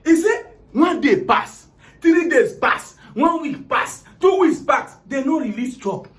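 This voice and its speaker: Animated high-voiced man telling a tale in Pidgin. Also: unhurried. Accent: Nigerian Pidgin. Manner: animated, dramatic retelling with acted-out quotes. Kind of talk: comic storytelling retelling a political tale.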